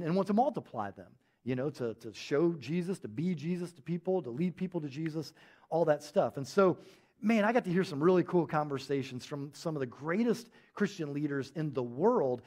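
Animated high-voiced man preaching. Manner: casual, animated storytelling with filler words. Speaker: pastor. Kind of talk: sermon. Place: church.

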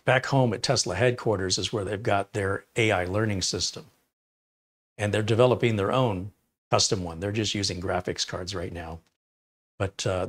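A man hosting a live tech stream, reading viewer chat and giving opinionated, enthusiastic answers. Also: fairly low pitch. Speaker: livestream tech host.

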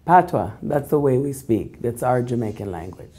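A woman in her forties with a mellow, warm voice talks in a documentary interview. She is a reggae DJ who grew up in Canada. She explains things in a thoughtful, unhurried way. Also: extremely low pitch, lively intonation, soft background music. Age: 40s.

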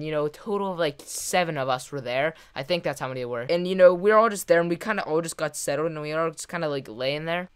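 A young man casually telling a story to his video audience, rambling and excitable, with lots of fillers and laughter. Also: a little high, clean tone. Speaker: gaming vlogger.

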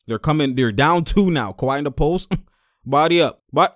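Young guy breaking down game footage, high-ish and bouncy voice, yells and laughs a lot, dry close mic. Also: moderate pace, dry recording. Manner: animated, exclamatory, laughs often. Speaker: host. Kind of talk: casual game-watching commentary.

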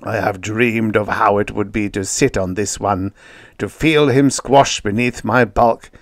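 A man voicing Wonk, a huge, slow, armored alien who talks in a rumbling, ponderous way about revenge. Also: steady tone, no echo, clean studio sound, close to an everyday voice. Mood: brooding.

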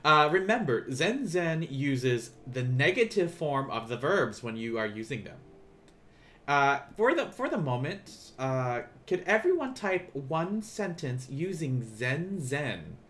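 A man's voice: on the high side, very animated, takes it slowly, a bit bright. A man teaching a beginner language class on a live stream, asking the chat questions and encouraging them to try.

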